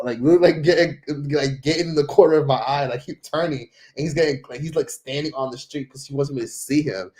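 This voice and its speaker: A man's voice: medium pitch, a little mellow. A man telling a travel story in a casual, rambling way, full of fillers and swearing. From United States. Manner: rambling, heavy on fillers and profanity. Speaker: travel vlogger.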